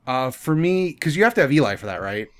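Easygoing male co-host, quick and questioning. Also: on the high side, very animated, smooth. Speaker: podcast co-host. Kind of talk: casual chat.

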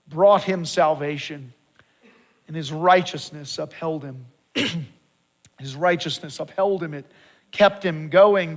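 A man delivers a sermon in a slightly higher-than-usual voice. He reads scripture aloud and drives his points home with emphatic rhetorical questions. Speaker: pastor.

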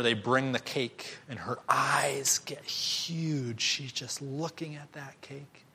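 A man preaching a sermon, telling a story with animated voices for each character. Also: mid-range voice, slightly rough. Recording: long hall reverb.

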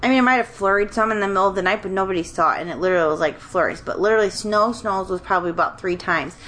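A woman's voice: medium pitch, racing, fairly bright tone. A woman co-hosting a casual chat, sounding stuffy and nasal from allergies, talking in a rambling way with fillers. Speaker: podcast co-host.

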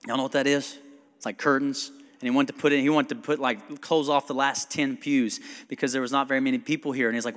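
A male pastor delivers a casual, story-driven sermon in a church sanctuary, quoting people and asking the congregation questions. His medium-pitched, slightly bright voice holds a steady tone while racing along very fast, and long church-hall reverb fills the recording.

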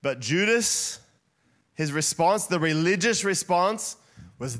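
A man delivers a sermon in a church hall, his fairly high voice leaping up and down with lively animation. He is playful and gets the congregation to call out along with him. His voice rises sharply whenever he whips up the room. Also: unhurried. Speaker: guest preacher.

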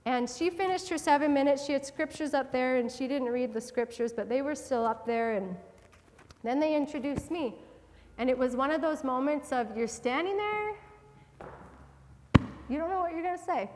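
A woman's voice: sits high, normal speed, a little mellow, long reverb tail. A woman telling a personal story in a sermon, acting out her own reactions with lots of feeling. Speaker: Christian speaker.

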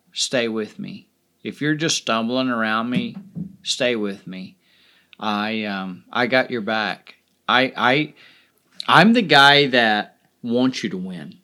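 Male podcast host, folksy and plain-spoken, mid-pitched, repeats key lines, casual cursing. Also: pushed and bright. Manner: folksy, blunt, swears casually, repeats phrases for emphasis. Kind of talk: motivational podcast talk.

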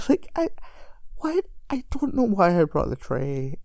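Woman, casual storyteller; warm low-key tone, self-deprecating, chuckles as she goes. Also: sing-song, takes it slowly, gravelly, no echo. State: recovering alcoholic. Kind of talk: casual anecdote telling.

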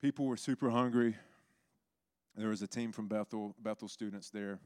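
A man who pastors a church, telling stories in a sermon, lively and acting out the people in them. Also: moderate pace. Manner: animated, acts out others with big pitch jumps. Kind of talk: sermon storytelling.

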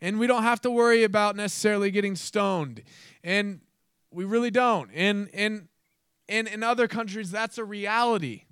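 High-voiced man preaching a sermon. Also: normal speed, fairly bright tone, clear, resonant tone, dry recording, clean studio sound. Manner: earnest, laughs at own jokes, playful asides.

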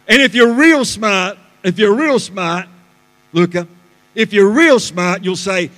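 Animated pastor in a reverberant hall. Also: male voice, sits high, slow. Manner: animated, swings between loud and hushed. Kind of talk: sermon. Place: church auditorium. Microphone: live stream stage mic. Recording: live church hall reverb.

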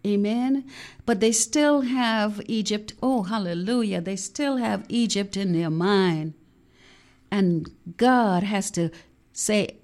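A woman preaching a sermon, slow and emphatic, dotted with amens and hallelujahs. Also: medium pitch, a little mellow.

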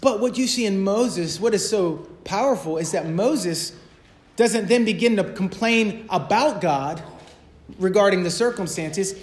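A man preaching a sermon as a pastor, passionate and repetitive, rising to shouts. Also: high-pitched, a little slow.

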